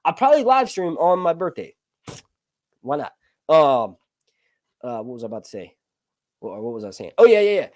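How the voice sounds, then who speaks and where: A man's voice: fairly high pitch, sing-song, normal speed, pauses often, a little mellow, dry recording, clean studio sound. A man in his early thirties, host of a casual live stream, rambling, joking and swearing as he loses his train of thought. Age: 30s.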